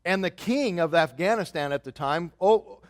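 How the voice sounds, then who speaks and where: A man preaching a sermon, telling a story in an animated way, swinging between loud and soft. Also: high voice, moderate pace, no echo, clean studio sound. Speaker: pastor.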